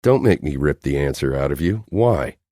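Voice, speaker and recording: A hard, brooding tough man who needles and pushes in a very deep, dark voice, as the narrator plays him. His delivery is blunt and controlled. The sound is dry and close. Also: animated, normal speed, no room sound. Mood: needling. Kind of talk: audiobook character voicing.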